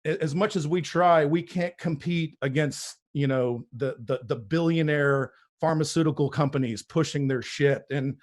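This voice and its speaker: Slightly high-voiced and talking at normal speed with hardly any pauses, this forty-something personal trainer is a podcast guest in a conversational interview, preachy and emphatic, repeating words as his point builds.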